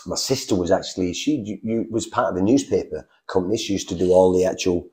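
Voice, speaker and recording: A middle-aged man with an animated, conversational way of telling his story, slipping into other people's voices as he recounts dialogue. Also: sits low. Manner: animated, acts out dialogue with quick voice shifts. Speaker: interview guest sharing a faith testimony.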